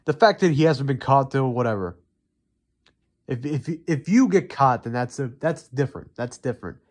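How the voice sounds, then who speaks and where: A man's voice: mid-range voice, lively intonation, normal speed. Profane, heated young man ranting. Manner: heated, profane, rambling with many fillers. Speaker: MMA commentary YouTuber. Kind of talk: unscripted ranting commentary.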